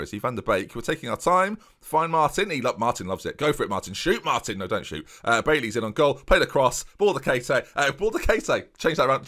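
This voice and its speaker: Young male gaming host, lively pitch, chatty, talks straight to the viewers, gets loud for goals. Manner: chatty, keeps addressing "viewers", rises into excited match commentary. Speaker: gaming YouTuber. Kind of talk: casual commentary over a football management game.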